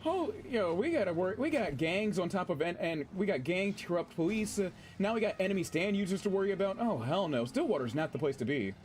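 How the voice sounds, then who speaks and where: A man streaming a game, chatting casually with his audience in an excitable, chatty way and swearing freely. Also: high-pitched, brisk, hardly any pauses, a little hiss or hum. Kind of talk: casual gameplay commentary.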